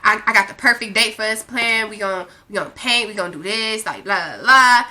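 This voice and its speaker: A woman imitating a young man who smooth-talks and apologizes while she retells a story in a vlog. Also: medium pitch, brisk, bright, forceful tone. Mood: apologetic.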